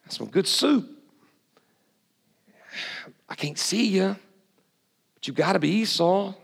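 A man's voice: high-pitched, lively intonation, slow, creaky, slightly rough, big-room sound, voice pushed up, heavily acted. A preacher voicing an elderly blind father who checks everything with doubt. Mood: suspicious. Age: over 60. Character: old blind father, suspicious, easily fooled.

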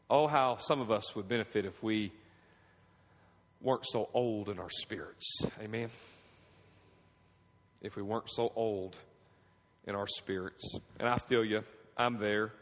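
A man in his thirties preaching a sermon as pastor, fervent, swinging from quiet pleading to high emphatic lines and asking for amens. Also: measured pace, pauses often. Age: 30s. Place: church sanctuary. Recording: long reverb of a church hall.

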